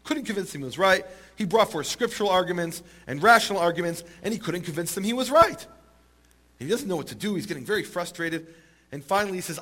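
High-pitched guy telling a story in a sermon, gets animated at the big moments. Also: fast talker. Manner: animated, rising voice at climaxes. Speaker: speaker.

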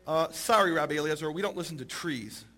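Male narrator as dismissive scholars: quiet, lower, deadpan. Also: quick pace, close to an everyday voice. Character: group of dry, unmoved male scholars.

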